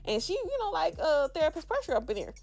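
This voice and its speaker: A woman's voice: high voice, sing-song, quick pace, vocal fry, darkish tone. A woman hosting a casual reality TV recap, chatty and sassy, laughing often as she talks to her viewers.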